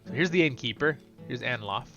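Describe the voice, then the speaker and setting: A man's voice: medium pitch, animated, a little fast, fairly bright tone, soft background music. A man hosting a gameplay stream, chatting casually in a rambling, self-deprecating way. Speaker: host and streamer.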